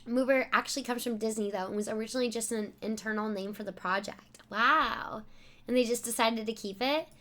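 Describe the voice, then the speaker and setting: Excitable high-voiced woman streamer. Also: a little fast. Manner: excitable, exclaiming, laughing often. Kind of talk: live-stream chat, thanking viewers.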